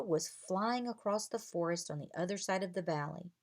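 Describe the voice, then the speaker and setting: Woman, storybook read-aloud, expressive, lowish voice. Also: moderate pace, few pauses. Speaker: reader. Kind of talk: reading a children's book aloud.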